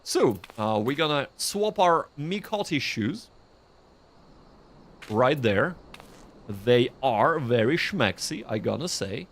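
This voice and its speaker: A man's voice: mid-range voice, sing-song, slow pace, pauses often, a little hiss or hum. A man giving casual, chatty commentary on his own gameplay, self-deprecating and prone to restarts. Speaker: streamer.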